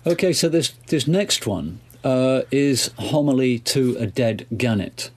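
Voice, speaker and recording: A man's voice: mid-range voice, animated, unhurried, husky. A man hosting a casual chat, introducing pieces and thinking aloud with hesitations. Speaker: host.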